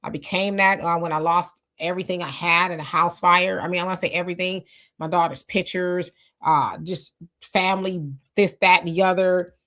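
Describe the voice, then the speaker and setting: A middle-aged woman hosting a live stream, reading viewer comments and talking loosely with many fillers and restarts, her mouth dry from fasting. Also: lowish voice, steady tone, a bit bright. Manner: loose, conversational, reflective, with frequent fillers and restarts. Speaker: livestream host reading chat comments. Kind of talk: casual live talk.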